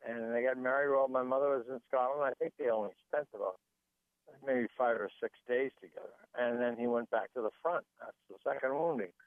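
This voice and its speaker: A man's voice: mid-range voice, brisk, no echo. Male guest author on a phone line, rambling anecdotal storyteller, very dry sound. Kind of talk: storytelling interview.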